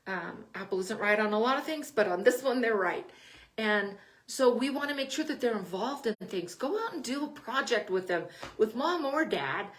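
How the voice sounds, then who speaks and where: A woman's voice: on the high side, expressive, moderate pace. An older woman hosting a podcast, giving parenting advice in a casual, chatty way with frequent laughs. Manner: chatty, laughs often between points.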